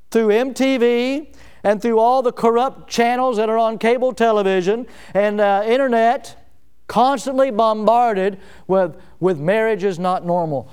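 A pastor preaching a sermon to his congregation in church. He repeats key phrases and swings from loud, forceful peaks down to low, quiet lines. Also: smooth.

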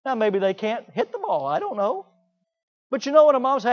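A man preaching a sermon in an animated way, often mimicking the people he talks about. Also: very high-pitched, brisk, dull audio. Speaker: pastor.

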